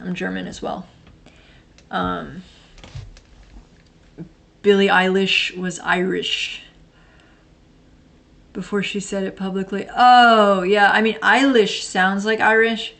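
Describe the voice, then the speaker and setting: Casting note: woman in her thirties, streamer, mid-pitched, loose rambling chat, laughs a lot, swears freely. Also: gravelly, fairly bright tone. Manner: rambling, laughs often, blunt and profane. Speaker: livestream host. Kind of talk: casual chat, reading and answering viewer comments.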